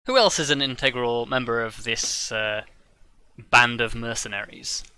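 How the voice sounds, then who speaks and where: A man serving as game master speaks with a very sharp, forceful tone in a dry, close sound. He explains rule changes in a measured, orderly way. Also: medium pitch, clean tone, no room sound. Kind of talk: hosting a tabletop game session.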